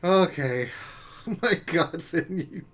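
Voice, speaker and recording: A woman's voice: on the low side, expressive, slow, a little hiss or hum. A woman co-hosting a casual gaming livestream chat, laughing often and full of exclamations. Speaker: livestream co-host.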